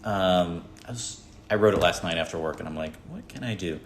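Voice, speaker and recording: Low-voiced man hosting a casual podcast. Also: a little hiss or hum. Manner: joking, halting with restarts. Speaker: podcast host. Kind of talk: casual chat. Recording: roomy echo.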